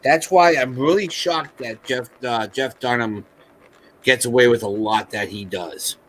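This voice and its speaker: Bright-voiced man, casual chat. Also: mid-range voice, unhurried. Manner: laughs often while retelling jokes. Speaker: host. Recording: faint background noise.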